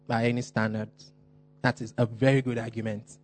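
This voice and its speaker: A man preaching a sermon, stressing and repeating key phrases, slowing down on important words. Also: medium pitch, little pitch movement, a little mellow, no room sound.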